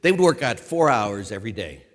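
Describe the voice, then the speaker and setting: Animated priest preaching in a hall. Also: male voice, fairly low pitch, brisk. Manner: animated, acts out quotes, shouts at times. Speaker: priest and former coach. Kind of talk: sermon. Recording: long hall reverb.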